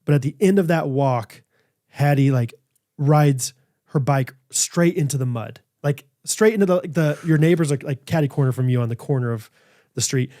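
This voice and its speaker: A man in his thirties co-hosts a podcast, rambling through animated stories full of fillers and reading ads casually. His voice is medium-pitched at a moderate pace, in clean studio sound with no echo.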